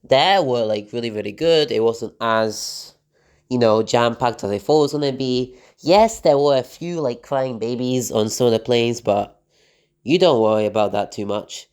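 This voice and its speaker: A man's voice: mid-range voice, moderate pace, darkish tone, clear, resonant tone. A man recapping his trip in a casual travel vlog, chatty and loose, with lots of fillers and restarts, talking while travelling in a vehicle. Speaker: travel vlogger.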